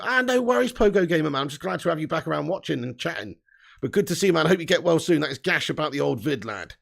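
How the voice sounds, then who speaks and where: Guy, slightly high voice, gravelly, casual live-stream chat, laughs a lot. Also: animated, a little fast. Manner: laughing, reading out viewer comments.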